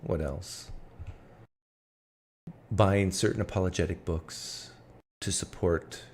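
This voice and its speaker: A man hosting a live stream, giving reaction commentary in a deliberate way and slowing down to stress his points. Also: deep voice, fairly even intonation, darkish tone, slight background noise. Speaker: host.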